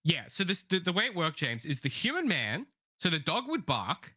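A man on a casual podcast tells a story with a bright, lively voice that swoops up and down as he acts out the people in it. He swears freely and talks into a close, dry mic. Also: fairly high pitch, moderate pace, no room sound. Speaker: podcast co-host. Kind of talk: casual advice-podcast chat.

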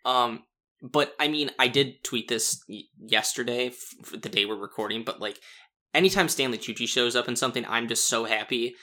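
A man's voice: mid-range voice, pushed and bright. A man co-hosting a casual movie podcast, chatty and eager to share trivia. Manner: chatty, fact-sharing, quick asides. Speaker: podcast co-host.

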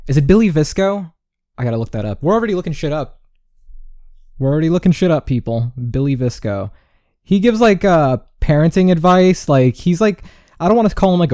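A man's voice: on the high side, a little mellow, dry recording, clean studio sound. A man in his twenties hosting a casual solo podcast, rambling and swearing freely, with Spanish words dropped into his talk. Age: 20s. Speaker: podcast host. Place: indoor home recording setup.

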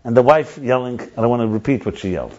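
A man leading a casual group discussion, talking in an animated way and often restarting and repeating words as he tells stories. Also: mid-range voice, fast. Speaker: lead speaker in a group discussion. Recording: dull lo-fi recording.

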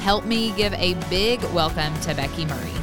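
A woman's voice: on the low side, normal speed, over loud music. A woman with a Southern American accent hosting a faith podcast, gushing and effusive with her guest. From Tennessee, US. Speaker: podcast host.

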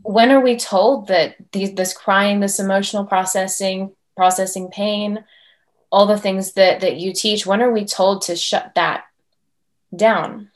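A woman's voice: medium pitch, steady tone, unhurried. A woman, perhaps in her thirties, interviewing on a podcast in a chatty, searching way, with trailing questions. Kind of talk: casual conversation.

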